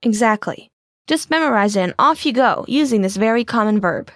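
A woman teaching in a scripted language lesson, explaining clearly and patiently. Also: on the high side, lively intonation, fairly quick, no echo, clean studio sound.

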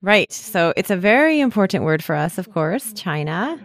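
A woman's voice: mid-range voice, sing-song, normal speed. A woman co-hosting a language lesson, chatty and explaining patiently with frequent laughs. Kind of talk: casual podcast lesson.

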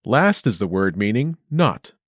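A man hosts a short language lesson with a clear, upbeat instructional delivery. His pitch swings lively through each phrase, and his voice sounds close and dry, with no room around it. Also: a little slow, no echo. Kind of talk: scripted lesson narration.

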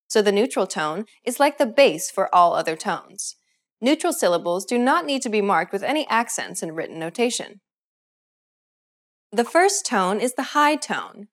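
Lively-voiced woman teaching a lesson. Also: medium pitch. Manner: clear, measured instructional delivery. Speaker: language teacher. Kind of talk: scripted lesson narration.

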